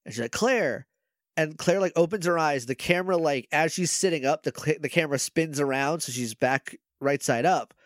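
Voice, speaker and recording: A man's voice: fairly high pitch, a little fast, hardly any pauses, no echo, clean studio sound. A man co-hosting a podcast, chatting casually as he retells scenes with quoted voices and laughter. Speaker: podcast co-host. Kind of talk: casual recap chat.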